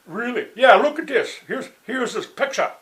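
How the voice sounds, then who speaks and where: A man's voice: very high-pitched, animated, normal speed, fairly bright tone, low-quality recording. A man talking in a rambling, digressive monologue, full of "you know" and "see" and restarts. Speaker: writer and blogger.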